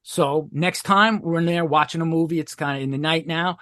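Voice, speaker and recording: A man's voice: fairly high pitch, a little fast, sharp tone, no echo, studio quality. A middle-aged man, a podcast guest, telling a story in a rambling, profane way with many restarts. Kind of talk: casual storytelling.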